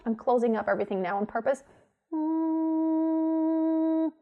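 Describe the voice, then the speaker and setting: A woman teaching singing, explaining vocal technique clearly and stopping to demonstrate tones. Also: on the high side, measured pace, narrow, tinny audio, faint music behind.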